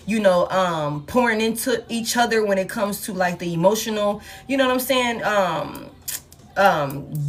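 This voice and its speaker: A woman giving a casual, blunt and profane tarot reading to her viewers, laughing often. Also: mid-range voice. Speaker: tarot reader.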